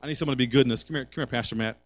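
A man's voice: mid-range voice, rapid-fire. A middle-aged man preaching a sermon with call and response, building to impassioned exhortation. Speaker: pastor.

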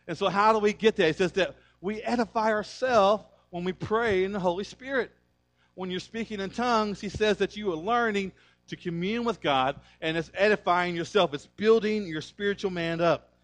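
A male pastor preaching a sermon, emphatic and energetic, calling on the congregation to respond. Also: high voice, moderate pace. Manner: conversational storytelling.

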